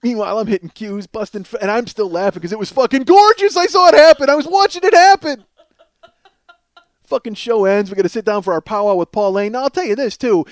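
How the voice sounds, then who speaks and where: Male comedian, high voice, dry close sound, profane storytelling that breaks into laughter. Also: darkish tone, no echo. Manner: profane, laughs through his own story. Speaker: comedian host.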